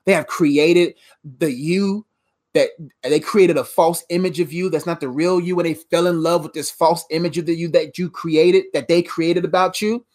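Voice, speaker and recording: Her voice sits fairly low and a little mellow, with fairly even intonation and a moderate pace. The motivational speaker addresses the camera with faith-based preaching, emphatic and conversationally repetitive, chuckling at her own jokes.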